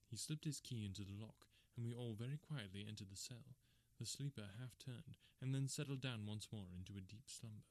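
A man in audiobook narration, reading in a measured storytelling manner. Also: lowish voice, no room sound.

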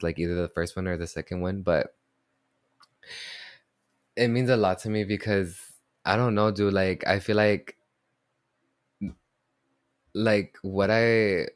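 A man's voice: low voice, clean tone, no echo, clean studio sound. A young man from the United States touches, hosting a solo podcast in a rambling, affectionate, filler-heavy way. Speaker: podcast host. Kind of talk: casual solo podcast chat.

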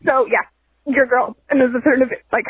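Loud chatty woman on a phone voicemail. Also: sits high, steady tone, fairly quick, slightly rough, phone-quality sound. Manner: loud, chatty, laughs while telling. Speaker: caller leaving a voicemail. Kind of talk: casual voicemail story.

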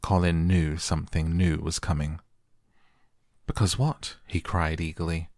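A man reading a classic novel aloud as a soft, soothing bedtime audiobook. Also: extremely low pitch, little pitch movement, no room sound, clean studio sound. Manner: slow, soothing. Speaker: audiobook narrator.

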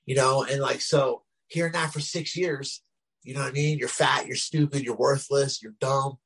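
Husky New man, middle-aged guest, rambling storyteller, medium pitch. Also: fairly even intonation, normal speed, a bit bright, rough recording. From New Jersey, US. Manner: rambling, frequent "you know what I mean" fillers. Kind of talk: casual storytelling.

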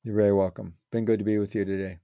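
This interview guest, a former prisoner turned meditation teacher, talks rapid-fire in a lowish voice with little pitch movement. He's earnest and reflective, frequently repeating words, restarting, and adding "right?" tags; the tone is clean but dull, with no room sound.

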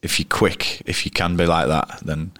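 A man's voice: sits low, little pitch movement, normal speed, a bit bright, no room sound. A man with a Yorkshire accent, a cricketer as interview guest, telling rambling, blunt stories full of restarts. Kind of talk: casual interview storytelling. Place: pub.

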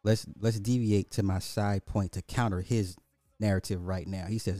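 A man hosting a livestream, chatting casually with his viewers in a teasing, animated way. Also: moderate pace, dry recording, faint music behind. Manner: animated, teasing, swoops in pitch. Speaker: livestream host.

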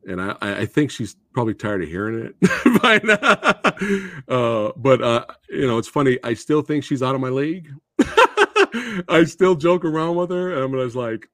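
A man's voice: mid-range voice, big pitch swings, fairly bright tone, no room sound, studio quality. Emotional man hosting a film chat. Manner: emotional, halting, laughs between words. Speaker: podcast host. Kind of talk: casual film discussion.

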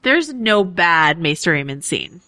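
A woman's voice: lowish voice, very animated, unhurried, pushed and bright, dry recording. A woman co-hosting a casual podcast, talking through a TV episode with enthusiasm and plenty of fillers. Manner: enthusiastic, fan-style with many fillers. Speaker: podcast co-host. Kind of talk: casual TV recap chat.

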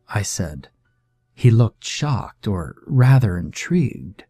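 A man calmly narrating a first-person horror story in a measured, scripted way. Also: fairly low pitch, slightly rough, faint music behind.

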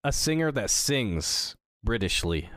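A man's voice: medium pitch, sing-song, slow pace, a bit bright, no echo, studio quality. A man co-hosting a podcast in casual chat, chiming in and laughing along. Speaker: podcast co-host.

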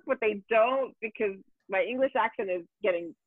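A woman telling a story in casual talk, animated and profane, with many fillers and restarts. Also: medium pitch, normal speed, dry recording. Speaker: guest. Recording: tinny phone-like dry sound.

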